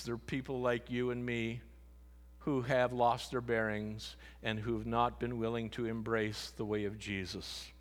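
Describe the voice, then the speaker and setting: A man preaching a sermon as pastor, earnest and solemn, often dropping to a hushed voice. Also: mid-range voice. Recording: long hall reverb.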